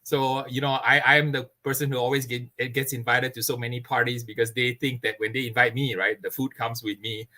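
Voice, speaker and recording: An earnest man with a bright, forceful voice talks expansively as an interview guest. He sits at a middle pitch and breaks into laughter now and then. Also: level tone, fairly quick, few pauses. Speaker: barbecue pitmaster guest. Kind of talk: casual interview chat.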